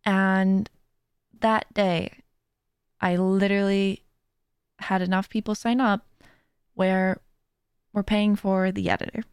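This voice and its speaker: A woman's voice: medium pitch, flat delivery, takes it slowly, long pauses, smooth, dry recording. A young adult woman hosting her own podcast, chatting casually and rambling with many fillers and giggles into a close mic. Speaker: podcast host and streamer. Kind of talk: casual chat. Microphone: speaking into a close mic.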